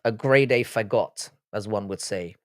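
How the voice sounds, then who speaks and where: A man's voice: fairly low pitch, a little slow, no room sound, studio quality. A man with an English accent, raised in Britain with Irish roots, hosting a casual livestream, blunt and sweary as he reads out and answers comments. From Ireland, raised in Britain. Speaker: livestream host.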